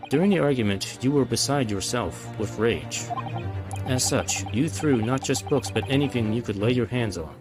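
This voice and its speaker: A man's voice: medium pitch, lively intonation, normal speed, over music, rough recording. A man streaming a game, reading the dialogue in an earnest, slightly hesitant way.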